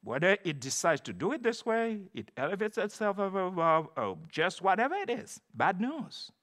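A man's voice: high-pitched, big pitch swings, normal speed, a bit bright. A man preaching an expository sermon, emphatic and repeating key phrases for stress.

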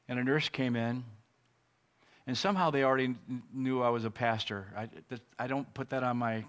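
Male pastor, earnest sermon testimony, emotional with deliberate pauses. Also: medium pitch, a bit bright.

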